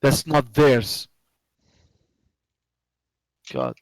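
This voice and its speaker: A man developer chatting casually while coding, halting and repeating words, muttering to himself at times. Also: medium pitch, sing-song, dry recording, poor audio. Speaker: game developer streaming.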